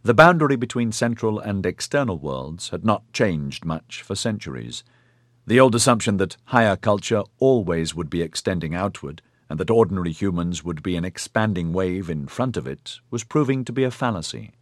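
A man reading a science-fiction audiobook as narrator in a steady, even storytelling delivery. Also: low-pitched, normal speed, no echo, clean studio sound. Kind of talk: scripted narration.

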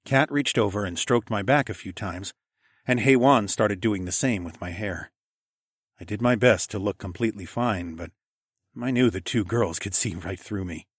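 Guy reading a first-person story, kinda low voice, soft and even, dry sound. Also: moderate pace, husky, dry recording. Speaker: audiobook narrator. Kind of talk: scripted first-person narration.

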